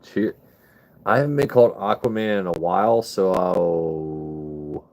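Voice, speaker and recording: A man with a low, darkish voice hosts a casual livestream at a measured pace, rambling and swearing as he chats with his viewers.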